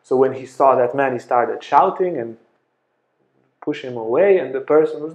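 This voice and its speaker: A man giving a lecture as a yoga teacher, telling stories in a lively way and acting out the voices of people in them. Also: mid-range voice, measured pace, vocal fry, dull audio. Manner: animated storyteller, acts out quoted voices. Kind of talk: storytelling lecture. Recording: echoey room.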